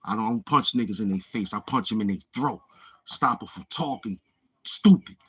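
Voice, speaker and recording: A man's voice: fairly low pitch, normal speed, sharp tone, slightly rough. A man, hosting a livestream and taunting a heckler in a boastful rant. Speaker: livestream host. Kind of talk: trash-talking livestream rant.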